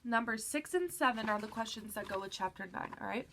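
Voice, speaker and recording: Lady teacher a bit stuffed up, kinda high voice, patient, keeps saying all right. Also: brisk, fairly bright tone, a little hiss or hum. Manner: patient, encouraging, frequent "all right" check-ins. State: stuffy nose from allergies. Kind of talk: remote reading lesson for children.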